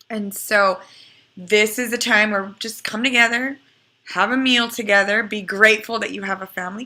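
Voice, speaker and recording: Middle-aged woman, bright clear voice, chatty and earnest, weekly spiritual forecast vlog. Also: mid-range voice. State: fighting back tears. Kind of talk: casual weekly forecast talk.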